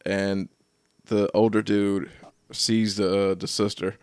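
A man's voice: fairly low pitch, level tone, slow, darkish tone, clear, resonant tone, no echo. A man co-hosting a casual podcast chat, retelling a story in a laid-back, plain-spoken way with casual swearing. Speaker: podcast co-host. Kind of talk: casual chat recapping a manga.

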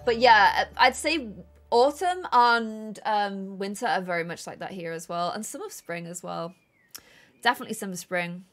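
A woman's voice: medium pitch, normal speed, faint music behind. A woman from England, chatting casually with viewers on a live gameplay stream and reading chat aloud.

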